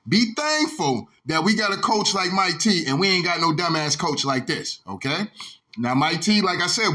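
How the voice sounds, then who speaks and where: Guy ranting on his football vlog, bright pushy voice, heated and profane, says dog a lot. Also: high-pitched. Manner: heated, repetitive, profane, keeps saying "dog". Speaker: sports vlogger. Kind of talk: ranting sports commentary.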